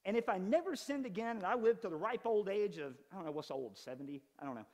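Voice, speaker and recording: A pastor in his forties preaching an animated, conversational sermon with touches of humor. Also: high-pitched, fast, big-room sound. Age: 40s. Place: church sanctuary.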